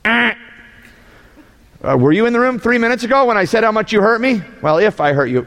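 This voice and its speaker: A male pastor preaching a sermon, animated and emphatic, sometimes shouting and mimicking mocking voices. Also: on the high side, brisk, gravelly, pauses often. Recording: long hall reverb.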